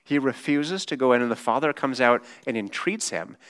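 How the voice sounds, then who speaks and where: Male preacher, mid-pitched voice, informal and emphatic, asks rhetorical questions. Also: animated, moderate pace, fairly bright tone. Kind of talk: conversational sermon.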